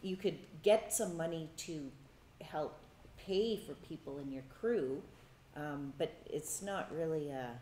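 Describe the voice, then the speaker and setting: Low-voiced woman in an echoey room. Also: mellow. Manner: thoughtful, halting, with fillers. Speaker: workshop panelist. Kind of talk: casual panel talk. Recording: echoey room with faint noise.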